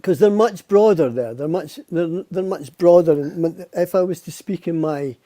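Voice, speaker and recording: A man's voice: fairly high pitch, normal speed, dark tone, no room sound. A Scottish man, a guest poet, chatting on a video call. He chuckles often and repeats words as he thinks. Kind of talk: casual chat on a live stream.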